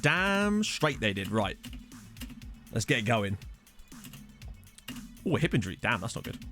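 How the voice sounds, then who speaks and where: On a desktop studio mic, a young man with a medium-pitched, slightly bright voice gives casual let's-play commentary on a football management game. He's chatty and jokey, reacting to the match over faint game music.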